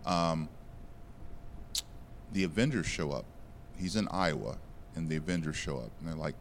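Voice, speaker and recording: A man's voice: a bass voice, lively intonation, normal speed, long pauses, a little hiss or hum. A man co-hosting a podcast, recapping a comic in casual chat with many fillers and restarts. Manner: rambling, filler-heavy recapping. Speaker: podcast co-host.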